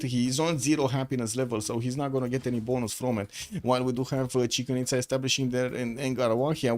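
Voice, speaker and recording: Male caster thinking aloud. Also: medium pitch. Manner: thinking aloud, many fillers and self-corrections. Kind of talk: live game commentary.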